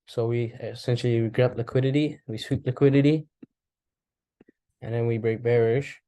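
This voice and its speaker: A man casually talking through a chart recap, thinking aloud with relaxed asides. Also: medium pitch, moderate pace. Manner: relaxed, talks to himself while charting, asides and apologies. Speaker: trading recap host. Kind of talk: casual screen-share commentary.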